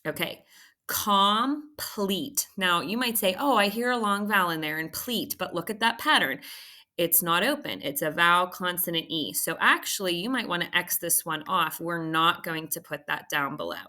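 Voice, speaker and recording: A woman teacher walking students through a recorded phonics lesson, patient and checking in often with a quick "okay?". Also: fairly low pitch, lively intonation, sharp tone.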